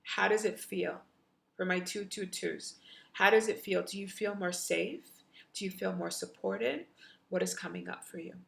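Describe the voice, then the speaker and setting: A woman's voice: mid-range voice, normal speed, vocal fry, fairly bright tone. A woman spiritual coach leading a live online guided meditation and activation, effusive, with chant-like repetitions.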